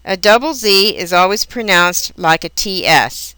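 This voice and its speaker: Woman language teacher, measured, very clear and bright, reading a prepared lesson with careful enunciation over a dry close mic. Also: on the low side, no echo. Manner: slow, careful, precise enunciation of example words. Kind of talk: scripted lesson narration.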